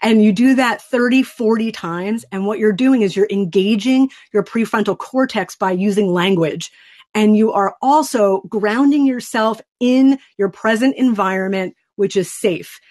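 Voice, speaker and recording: A woman of mid-range pitch talks into a desk microphone during a training webinar. She explains a stress topic and then slowly walks listeners through a breathing exercise. Her manner is calm, soothing and instructive.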